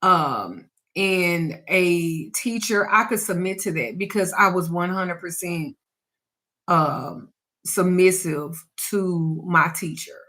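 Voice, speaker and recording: Candid spiritual teacher, bright voice. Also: female voice, lowish voice, takes it slowly. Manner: candid and reflective, trails off with restarts. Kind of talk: casual personal storytelling.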